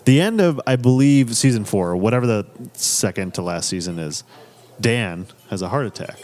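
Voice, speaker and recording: A man's voice: fairly low pitch, expressive, moderate pace, darkish tone. A man co-hosting a podcast, talking casually with plenty of opinions and some hesitant restarts. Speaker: podcast co-host. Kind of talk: casual chat.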